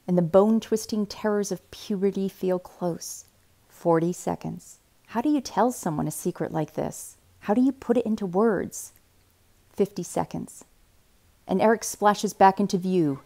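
Female reader with a slightly low voice; calm, hushed read-aloud of a teen novel. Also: gravelly. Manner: quiet, measured first-person narration.

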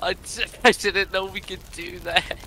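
A man's voice: high-pitched, steady tone, unhurried, background noise. A man chatting while gaming, giggly and amused. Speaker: gamer. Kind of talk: casual gaming chat.

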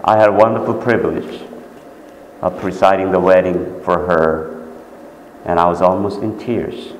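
A man's voice: normal speed, slight background noise. Man preaching in an echoey church hall. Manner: storytelling, rising loud when excited, dropping soft and low. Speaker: pastor. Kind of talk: sermon.

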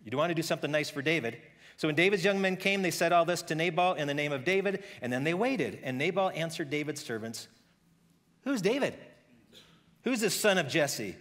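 A man preaching a sermon as pastor, telling a story in a lively conversational way and acting out the characters' voices. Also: on the high side, fast, big-room sound. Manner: conversational with frequent restarts.

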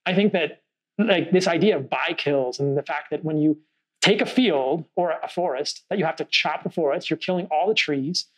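A man with a fairly high voice hosts a relaxed podcast chat in person. He speaks earnestly and reflectively, winding through a story with plenty of "like" and "you know". His voice sits a touch above the usual male range. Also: normal speed, poor audio. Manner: earnest, thoughtful, storytelling with many fillers. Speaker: podcast host. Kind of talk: casual conversational podcast.

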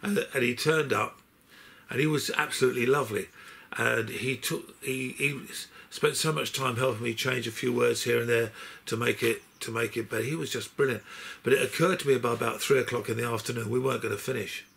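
A man's voice: mid-range voice, steady tone, brisk, vocal fry, fairly bright tone. An older man chatting through his box set, telling long stories with many restarts and self-corrections. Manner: rambling storyteller, stops and restarts sentences. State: unwell. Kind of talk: anecdotal unboxing chat.

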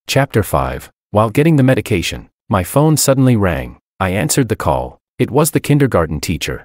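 A man's voice: lowish voice, sing-song, fairly quick, hardly any pauses, no room sound. A man narrating a first-person story in a dry, matter-of-fact way.

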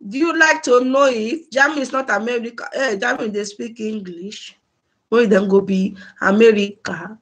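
A woman's voice: on the high side, normal speed. A woman hosting a casual live stream, chatty and laughing often as she greets viewers by name. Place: home in Germany.

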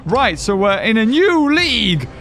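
Animated high-voiced gamer. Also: male voice, a little slow. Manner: playful, jokey, bursts of excitement. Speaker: gaming video host. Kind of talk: excited gameplay commentary. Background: game music.

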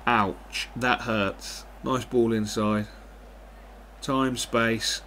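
Excitable man commentating gameplay. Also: mid-range voice, very slow, a little hiss or hum. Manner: animated, swings between excitement and frustration, swears. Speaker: gaming commentator.

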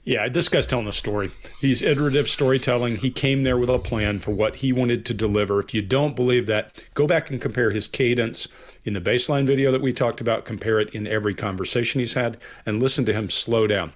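A man's voice: medium pitch, brisk. A man in a casual panel discussion, giving a confident analysis of someone's speech cadence. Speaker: body language analyst.

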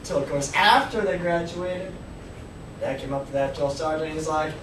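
A man's voice: a little high, normal speed. A young man telling a family story casually and animatedly, pointing out people in photos. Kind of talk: casual spoken storytelling with pictures. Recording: echoey room, distant mic, noisy.

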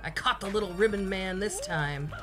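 This let's play features a woman with a mid-range voice at a normal pace, commenting playfully and chattily on her gameplay, sometimes mildly profane. Game music plays behind her as she commentates.

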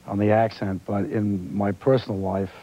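Speaking at a normal speed in a lowish voice, an actor from Australia with a New York accent tells relaxed, lively anecdotes as a talk show guest. The casual chat comes from a muffled, lo-fi 1990s TV recording.

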